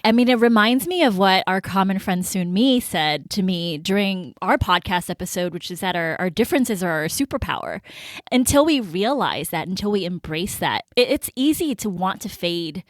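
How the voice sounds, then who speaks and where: A woman's voice: mid-range voice, animated, normal speed, dry recording. A woman hosts a podcast interview in a mid-range voice, thoughtful and reflective as she responds to her guest. The recording is dry and close, with no room sound. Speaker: podcast host. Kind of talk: conversational interview.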